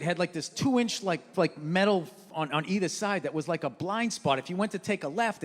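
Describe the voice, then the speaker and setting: A man ranting through a profane stand-up set, his voice high-pitched and sharply bright. He lurches from shouted outbursts to muttered asides, with a long hall reverb behind him and a faint hum of noise. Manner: ranting, profane, shifts between loud outbursts and low asides. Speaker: stand-up comedian. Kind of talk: stand-up comedy routine. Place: live comedy venue. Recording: live venue hall reverb.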